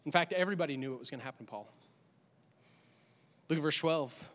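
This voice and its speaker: Man, pastor, animated sermon, high voice, bright tone, long hall reverb. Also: quick pace. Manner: animated, conversational preaching with repetition.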